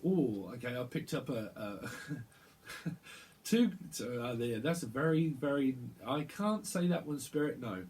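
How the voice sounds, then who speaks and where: Male tarot reader, channeled reading, rambling, halting delivery with lots of repeats, average pitch. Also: animated, a little mellow.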